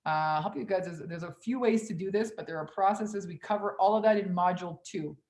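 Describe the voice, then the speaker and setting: A woman's voice: lowish voice, fast talker, a little mellow. A young adult woman coaching on a livestream, casually reading viewer comments aloud and swearing freely as she talks. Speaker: business coach hosting a livestream Q&A. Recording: echoey room.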